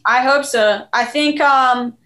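Chatty Australian woman, slightly high voice. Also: takes it slowly, fairly bright tone. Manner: chatty, swears freely, mimics people. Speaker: guest. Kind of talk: casual chat.

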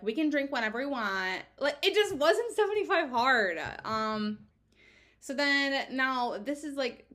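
A woman in her twenties with a slightly high, fairly bright voice hosts her own podcast. She talks candidly in a chatty, casual monologue full of "like" fillers and offhand swearing.

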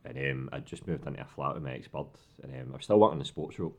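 A man's voice: a bass voice, very fast, vocal fry, darkish tone. A man with a Glaswegian accent, chatting as a guest and telling stories animatedly, swearing and laughing often. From Glasgow, Scotland. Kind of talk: casual chat.

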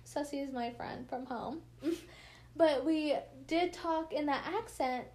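A woman's voice: high-pitched, slow, darkish tone. A young American woman with a slight lisp, chatting casually with friends in a rambling, laughing way full of fillers. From United States. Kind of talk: casual chat among friends.

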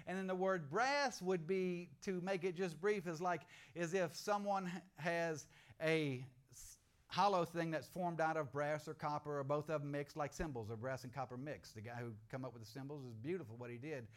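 A middle-aged man preaching a sermon in an animated, joking way, moving from quiet asides to loud outbursts. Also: high voice, a little fast, clean tone.

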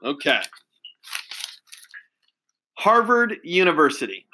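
A man's voice: on the high side, big pitch swings, takes it slowly, pushed and bright, a little hiss or hum, low-quality recording. Upbeat man hosting a quiz. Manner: upbeat, praising, many fillers. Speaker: quiz host. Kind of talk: casual game quiz.

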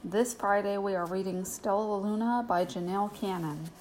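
A woman's voice: medium pitch, steady tone, normal speed, darkish tone, a little hiss or hum, rough recording. A woman hosting a weekly show, reading a children's picture book aloud as a bedtime story. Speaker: storybook reader, host.

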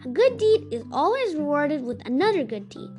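A woman's voice: high voice, big pitch swings, normal speed, music in the background. A woman voicing a clever, sly female fox in a storybook reading, knowing and a bit smug.

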